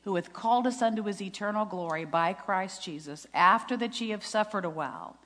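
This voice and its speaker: A woman's voice: mid-range voice, a little fast, fairly bright tone. A middle-aged woman giving an earnest testimony sermon, quoting scripture and laughing at herself. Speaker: speaker at a women's retreat. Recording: long reverb in a hall.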